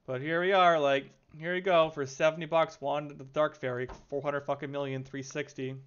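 A man's voice: a little high, little pitch movement, normal speed, a bit bright, clear, resonant tone, muffled recording. An exasperated man ranting about a game, swearing constantly and sighing heavily. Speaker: gaming video creator. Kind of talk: profane angry rant.

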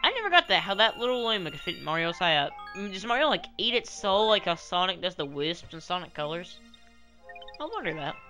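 Young male gaming commentator, rambling and punny, bright voice, headset mic. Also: sits high, sing-song, fairly quick, soft background music. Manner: rambling, jokey, making puns and goofy voices. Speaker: gaming channel host. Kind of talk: let's play commentary.

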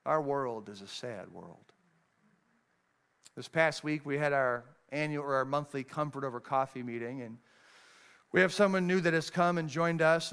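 A man, a pastor, preaching a sermon, moving between raised, emphatic lines and hushed, low passages as he reads scripture. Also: creaky, clear, resonant tone. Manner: reads scripture in old-fashioned wording.

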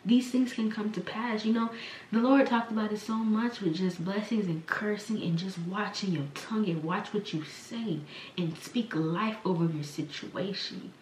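A woman's voice: medium pitch, steady tone, moderate pace, darkish tone, far from the mic, slight background noise. Conversational woman preaching in echoey room. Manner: rambling and conversational, many fillers and restarts. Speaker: podcast host. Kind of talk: casual spoken sermon. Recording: echoey room, voice from the mic, faint ambience.

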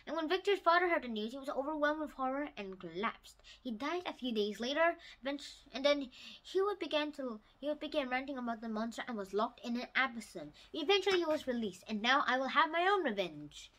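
A woman casually retelling a novel for her channel, halting with restarts and bursting into loud, excited outbursts. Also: high-pitched, rough recording. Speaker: YouTube storyteller.

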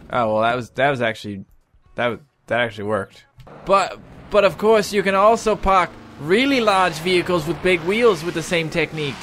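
A man's voice: fairly low pitch, a bit bright, slight background noise, voice pushed down, natural voice. Man putting on a patronizing mock instructor. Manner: put-on vague accent, teacherly sing-song.

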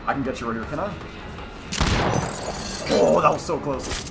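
A young man narrates his own match in real time, his high voice swinging widely between loud outbursts and low muttered planning. He curses freely and yells at the other players. Game music plays steadily beneath him. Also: a little fast, vocal fry. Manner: excitable, swears a lot, yells at players, mutters tactics. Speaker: gaming YouTuber. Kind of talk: live gameplay commentary.

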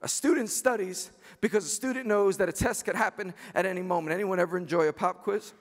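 Impassioned high-voiced preacher in a hall. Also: male voice, fast talker. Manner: impassioned, rising to shouts. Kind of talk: chapel sermon. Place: large chapel hall. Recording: long hall reverb.

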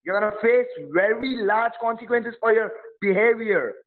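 A man's voice: high voice, fairly even intonation, moderate pace. A man playing a support agent on a phone call, pushy and threatening, repeating his demands over and over. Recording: tinny phone line.

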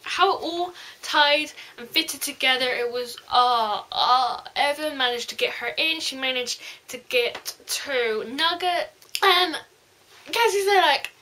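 A woman reviewing a book in a casual vlog, gushing and rambling excitedly. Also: sits high, slow.

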